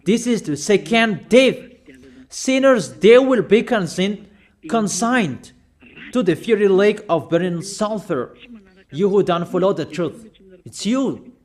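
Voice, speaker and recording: With a high-pitched but darkish voice, this preacher scolds his congregation emphatically. He speaks slowly and deliberately, pausing and asking rhetorical questions.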